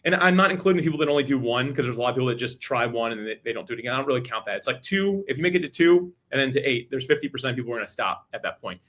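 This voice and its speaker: A man talking as a podcast guest, giving energetic advice in a rapid, emphatic way with frequent restarts. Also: mid-range voice.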